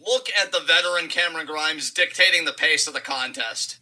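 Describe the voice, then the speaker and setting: A man's voice: on the high side, a little fast, sharp tone, rough recording. A man co-hosting a live wrestling reaction stream, doing sarcastic mock commentary and ironic hype. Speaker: co-host of a wrestling watch-along. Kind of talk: casual live reaction chat.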